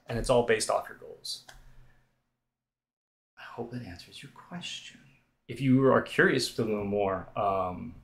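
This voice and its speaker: A man leads viewers through a stretch routine on a live stream. His voice sits a little low. He talks loosely and casually and keeps drifting into chatty asides. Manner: relaxed, talkative, fillers and asides. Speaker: fitness coach streaming a workout.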